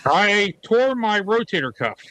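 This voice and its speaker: A man's voice: high voice, big pitch swings, measured pace, a bit bright, no echo. A man on a video call speaking in a plain, matter-of-fact way in casual chat. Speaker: guest.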